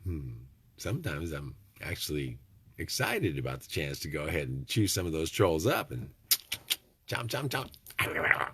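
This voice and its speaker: A man's voice: very deep voice, big pitch swings, moderate pace, a little hiss or hum. A middle-aged man, rambling in a folksy, preachy vlog monologue with joking asides. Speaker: vlogger.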